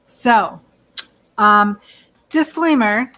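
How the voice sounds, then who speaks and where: A woman's voice: a little high, very slow, bright, forceful tone. A woman co-hosting a casual beauty review, chatty, laughing often and swearing freely. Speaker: beauty channel co-host. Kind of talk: casual chat product review.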